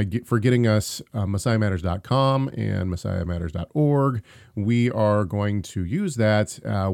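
A man's voice: lowish voice, darkish tone, no echo, clean studio sound. A man co-hosting a casual talk show, rambling through announcements and banter with frequent restarts and easy laughter. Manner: rambling, self-correcting, laughs easily. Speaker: podcast co-host.

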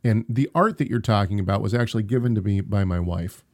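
A man's voice: on the low side, fast talker, a little mellow. A young man co-hosting a casual live-streamed podcast, talking in emphatic, rambling runs with frequent restarts. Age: young adult. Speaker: podcast co-host.

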